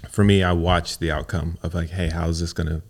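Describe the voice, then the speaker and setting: A man in his thirties with a low voice tells a story on a podcast. He talks easily and acts out what others said in a raised voice. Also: flat delivery, brisk. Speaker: podcast co-host. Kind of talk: casual chat.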